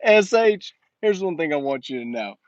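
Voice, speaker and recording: A man's voice: mid-range voice, expressive, quick pace, darkish tone, no echo, dull audio. A man hosting a casual livestream Q&A and coaching business owners in slangy, emphatic talk that repeats his points.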